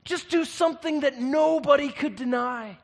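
A man voicing a sly male devil who coaxes and mocks, rising to gleeful shouts. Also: very high-pitched, moderate pace, pitched above the performer's own voice. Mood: gleeful taunting. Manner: wheedling, mocking, rising to shouts.

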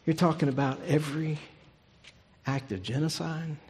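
A man's voice: on the high side, fairly even intonation, normal speed, slight background noise. Man preaching a sermon in a reverberant hall. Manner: dramatic swings from loud emphasis to hushed near-whisper. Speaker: pastor.

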